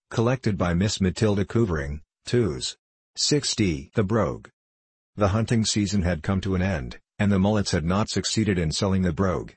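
A man reading a short story aloud in a measured, dryly ironic way. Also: low-pitched, slightly rough, no echo. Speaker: narrator.

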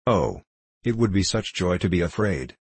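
A playful young queen who coaxes and teases with endless questions, read by a man. The voice stays deep and slightly husky, recorded close and dry. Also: expressive, normal speed, no room sound, exaggerated voice. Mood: wistful, pleading. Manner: coaxing, teasing questions.

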